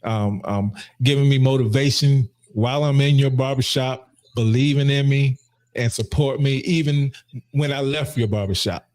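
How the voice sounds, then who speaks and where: An earnest man, hosting a relaxed podcast chat. He speaks at a middle pitch and often circles back, repeating words as he restarts his sentences. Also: normal speed. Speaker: podcast host and barber. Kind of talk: casual heartfelt conversation.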